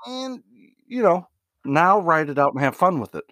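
A man co-hosting a relaxed podcast, chiming in with jokes and swearing. His voice is lively and a touch high, bouncing through laughs. The sound is dry and close. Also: normal speed, no echo. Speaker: podcast co-host. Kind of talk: casual chat.

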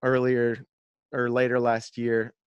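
Male podcast guest, lively storyteller, mid pitch, dry close mic. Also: takes it slowly, smooth, no echo, dull audio. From Kansas, USA. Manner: animated storyteller, laughs often. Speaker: guest, disc golf video creator. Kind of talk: casual podcast chat, storytelling.

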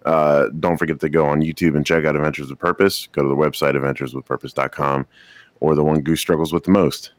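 A man's voice: a bass voice, flat delivery, quick pace, dry recording. A man co-hosting a casual podcast, speaking matter-of-factly and plugging friends of the show. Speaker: podcast co-host. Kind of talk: casual chat and sponsor plugs.

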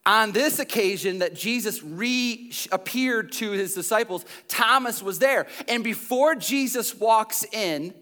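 A man's voice: high voice, slow, hardly any pauses, bright, forceful tone. A male pastor giving a sermon in a conversational way, full of restarts and asides, in church.

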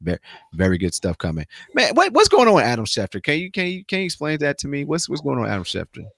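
Dude cohosting a sports podcast, kinda high voice, joking around, dead dry sound. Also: male voice, huge pitch swings, fast talker, no room sound. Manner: loose and joking, laughs often. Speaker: podcast co-host. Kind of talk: casual sports chat.

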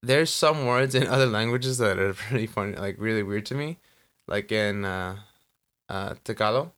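A podcast co-host in Los Angeles chats casually and rambles, filling his talk with lots of "like" and "you know." His voice is lowish and a bit bright, at a moderate pace.

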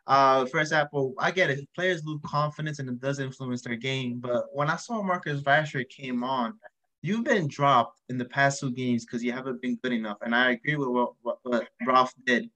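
A man's voice: mid-range voice, normal speed, pushed and bright, poor audio. A man hosting a casual podcast chat, asking questions and steering the talk to others. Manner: questioning, leads the discussion. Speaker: podcast host.

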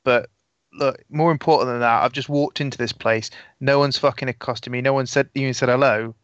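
A man playing a tabletop role-playing game, casual and quick to swear. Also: medium pitch, fairly even intonation, a bit bright, dry recording, highs cut off. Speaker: player. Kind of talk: tabletop role-play in and out of character.

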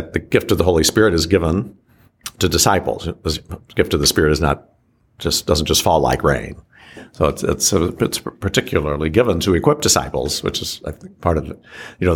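A man speaking as an archbishop in a reflective teaching conversation, slow and measured, often pausing and restarting his sentences. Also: rumbling low, husky.

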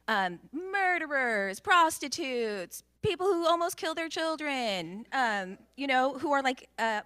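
A woman from the United States, a guest preacher giving a conversational sermon in a church, chatty and informal with frequent ums and quick asides. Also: a little high, a bit bright. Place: church sanctuary with a congregation, also streamed to Zoom.

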